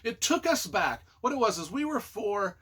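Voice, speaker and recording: A man's voice: high voice, moderate pace, slightly rough. A man from Utah, a book reviewer casually telling a personal story in a rambling way. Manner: animated, rambling, with many fillers and asides.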